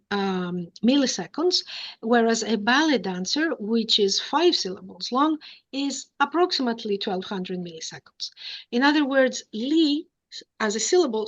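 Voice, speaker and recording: A woman's voice: a little high, highs cut off. A woman giving an academic lecture, explaining step by step and checking in with her listeners. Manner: explanatory, checks in with "right?" and "okay?".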